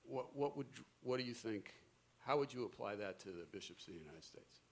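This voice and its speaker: A man's voice: on the low side, lively intonation, a little fast. A man in the audience asking the speaker a question, hesitant and restarting his sentences.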